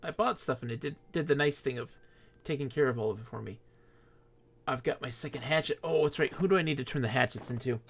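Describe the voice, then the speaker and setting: A man's voice: medium pitch, fast talker, vocal fry, a bit bright, slight background noise. A man streaming a game live, chatting with viewers and talking to himself as he plays. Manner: chatty, talks to viewers and himself while playing. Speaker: gaming streamer. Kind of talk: live-streamed gameplay chat.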